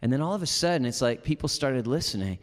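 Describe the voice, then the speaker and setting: A man's voice: medium pitch, quick pace, big-room sound. A man giving a motivational keynote, telling stories casually with lots of "like" fillers. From Canada. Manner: lively storyteller, casual with many "like" fillers. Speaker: motivational speaker. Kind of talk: storytelling keynote talk. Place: large hall before an audience.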